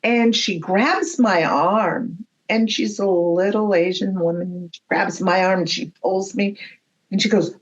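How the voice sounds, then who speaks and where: A woman's voice: mid-range voice, steady tone, unhurried, lo-fi sound. A woman, a guest medium, telling rambling, chatty stories in a podcast conversation with frequent laughs.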